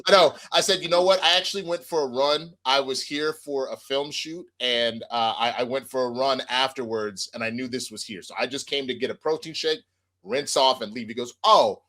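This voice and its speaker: A man's voice: mid-range voice, normal speed, bright, forceful tone. A young adult man casually telling a funny story, acting out the other people's lines and swearing freely. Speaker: podcast co-host.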